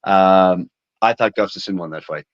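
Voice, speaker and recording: A man's voice: low voice, moderate pace, no room sound. A man in his thirties, a fighter giving a candid, rambling interview full of swearing and fillers. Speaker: MMA fighter, interview guest. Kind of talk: casual interview talk. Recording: dry, dull lo-fi sound.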